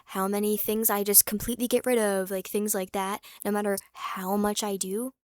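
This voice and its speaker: A woman's voice: medium pitch, flat delivery, normal speed, darkish tone, no room sound. A young woman vlogging in casual chat, rambling and candid, with lots of fillers and restarts, swearing freely and sometimes dropping to a whisper for asides.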